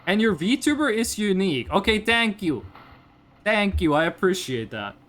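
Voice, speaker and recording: A woman from Norway, chatting casually with her live-stream chat, blunt and animated, swearing freely. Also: mid-range voice, normal speed. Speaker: VTuber streamer.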